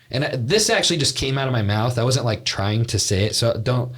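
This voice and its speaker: A man's voice: medium pitch, animated, fairly quick, fairly bright tone, husky. Rambling young man telling a story. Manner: rambling, filler-heavy, laughs at own story. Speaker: podcast co-host. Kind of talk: casual storytelling chat.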